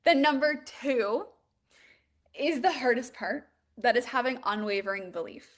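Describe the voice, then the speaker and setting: A young woman coaching on a live stream, bubbly and excitable, peppering her talk with "like.". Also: a little high, unhurried. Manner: bubbly and excitable, heavy use of "like". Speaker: manifestation and mindset coach.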